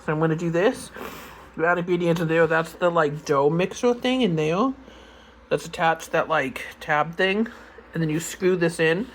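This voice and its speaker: An excitable vlogger chats on camera in a home kitchen, mid-pitched and filling the gaps with "like" and "um". There is a faint hiss of room noise under the voice. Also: normal speed. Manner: chatty and excitable, with many fillers like "like" and "um". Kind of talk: casual chat and on-camera food tasting.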